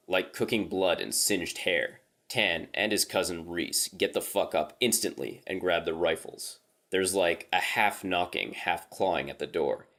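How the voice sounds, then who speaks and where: A man's voice: sits low, fairly bright tone. A man reading a first-person horror story aloud in a casual, profane storytelling tone.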